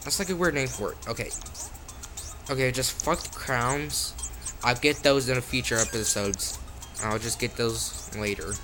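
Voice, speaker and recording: A man at medium pitch and ordinary pace, his tone fairly bright, narrates a phone game with nonstop profanity and occasional frustrated outbursts. Faint music sits in the background, and the sound comes from the phone's own microphone.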